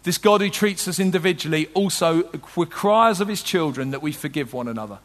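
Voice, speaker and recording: A man preaching a sermon with passion, swinging from loud urgent peaks to soft low moments. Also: expressive, brisk, big-room sound. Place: large tent.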